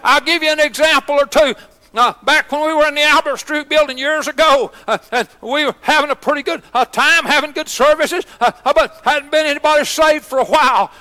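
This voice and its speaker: A high-pitched, bright-toned older man preaches at an ordination service. He talks in a homespun, story-telling way, full of "uh" fillers. His voice carries with the long reverb of a church sanctuary. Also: fairly quick. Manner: folksy, many "uh" fillers and storytelling asides. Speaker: pastor. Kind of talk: ordination sermon.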